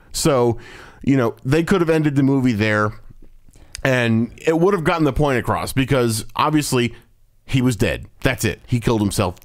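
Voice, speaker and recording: A man co-hosting a casual movie podcast, ranting bluntly and swearing freely. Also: medium pitch. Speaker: podcast co-host. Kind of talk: casual movie review chat.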